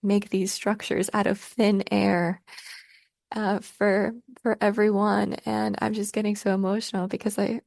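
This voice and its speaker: Slow, gravelly-voiced emotional woman host. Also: mid-range voice, flat delivery, a little mellow, no room sound, clean studio sound. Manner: effusive, emotional, gushing praise. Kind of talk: spiritual conversation.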